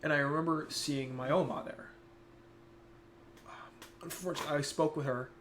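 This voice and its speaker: A young man streaming, talking casually and reflectively, turning soft-spoken when emotional. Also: fairly high pitch, steady tone, normal speed, a little hiss or hum. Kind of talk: casual chat.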